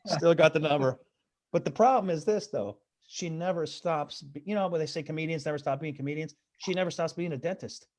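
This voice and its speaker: A man's voice: on the high side, a little fast, darkish tone. A male stand-up comedian tells rambling stories over a video call. He keeps insisting "I swear to God" and tumbles from one anecdote to the next.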